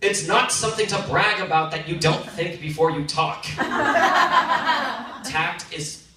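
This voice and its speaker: A male stand-up comedian performing a self-deprecating set with animated punchlines on a comedy club stage. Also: on the high side, a little slow, far from the mic. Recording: echoey club recorded from afar, noisy. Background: audience laughter.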